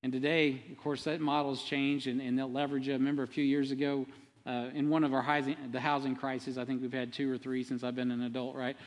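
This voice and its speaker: A man's voice: medium pitch, level tone, fast. A man in his fifties preaching a sermon as pastor, talking conversationally with rambling asides and frequent tag questions. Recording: long hall reverb.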